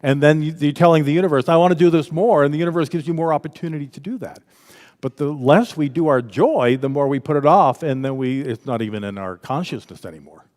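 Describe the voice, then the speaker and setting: A man leading an interactive spiritual workshop at a church, talking in a lively, conversational way and acting out the voices he quotes. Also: a little high, fast talker. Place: church hall. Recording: echoey hall with long reverb.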